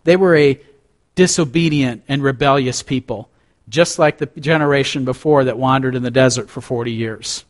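A man's voice: medium pitch, normal speed. A man preaching a sermon, reading scripture aloud with dramatic rises and drops and adding conversational asides. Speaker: pastor.

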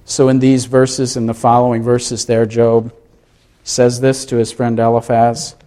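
A man's voice: mid-range voice, fairly even intonation, normal speed, a little mellow. A man preaching a sermon, emphatic and asking the congregation questions. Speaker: pastor.

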